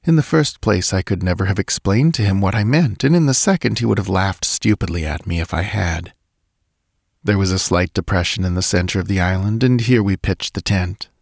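A man reading a story aloud, measured and deliberate. His voice is fairly low. The recording is dry and close, with no room echo. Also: gravelly. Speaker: audiobook narrator. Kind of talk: scripted story narration.

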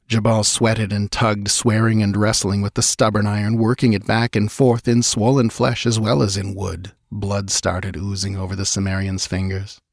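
Low husky male audiobook narrator. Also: no echo, studio quality. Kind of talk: scripted narration.

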